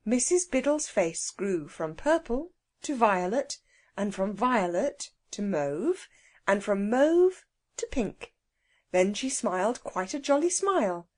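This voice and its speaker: A woman narrating a children's audiobook with an expressive, animated reading. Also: medium pitch, takes it slowly.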